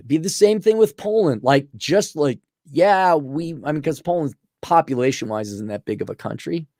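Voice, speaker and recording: A man's voice: medium pitch, a little mellow, dry recording, studio quality. A middle-aged man hosting a casual opinion podcast, talking in a sarcastic way and jumping into mocking voices. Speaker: podcast host.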